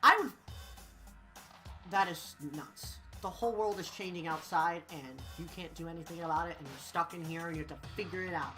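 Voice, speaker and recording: A woman streamer giving excitable let's-play commentary, with game music behind. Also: fairly low pitch, a little fast. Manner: excitable, animated reactions. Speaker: gaming streamer.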